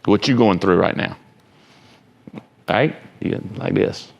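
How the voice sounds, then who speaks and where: A man's voice: low voice, takes it slowly, vocal fry, husky, lo-fi sound. A man giving an informal motivational talk to students, emphatic and rambling, often checking whether the room follows him. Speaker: entrepreneur and motivational speaker.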